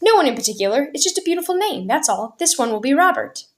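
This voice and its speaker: A woman reading as a calm, gentle mother. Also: sits high, quick pace, pitched above the performer's own voice. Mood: flustered. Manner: calm and reassuring.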